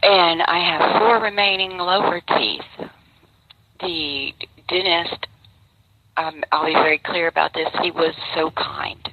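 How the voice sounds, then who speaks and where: A woman speaking slowly and wearily, close to tears, her mouth sore from missing teeth, talking in a live video from prison. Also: on the low side, fairly even intonation. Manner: slow, weary, close to tears. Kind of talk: emotional live video testimony. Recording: dull lo-fi phone video with faint noise.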